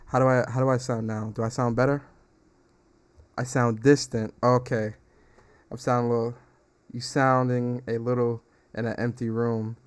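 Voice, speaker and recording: A young man hosting a gaming podcast livestream, talking casually with slang, bursts of laughter and loud shout-outs to viewers, on a desktop mic at home. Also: mid-range voice, little pitch movement, normal speed, long pauses, smooth. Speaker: podcast host. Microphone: desktop streaming mic.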